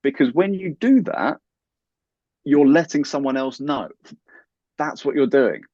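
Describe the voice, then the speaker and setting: A man's voice: medium pitch, expressive, measured pace, a little mellow, dry recording. A man talking as a guest in an interview, earnest and giving advice. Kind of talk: conversational interview. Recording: dull, lo-fi, dry sound.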